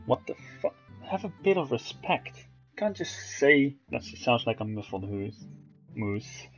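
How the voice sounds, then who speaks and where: A man's voice: medium pitch, big pitch swings, a little slow, fairly bright tone, lo-fi sound, faint music behind. A man streaming a game, chatting and teasing friends in casual commentary. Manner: joking, teasing banter.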